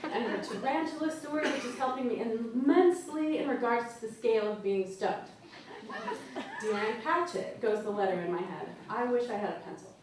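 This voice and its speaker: A woman's voice: a little high, a little fast, hardly any pauses, noisy background. A woman author giving a live reading of her own wry, comic prose to an audience at a literary event. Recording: roomy live hall, mic far off, loud audience.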